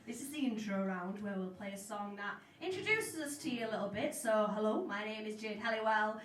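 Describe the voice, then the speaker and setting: A woman's voice: mid-range voice, lively intonation, a little fast. A woman with a Yorkshire accent, a singer-songwriter hosting a live show, chatting and joking between songs in a self-mocking way. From Yorkshire, England. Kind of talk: stage banter between songs. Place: small indoor music club stage. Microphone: stage mic heard from a distance. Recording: echoey club, distant mic, loud music.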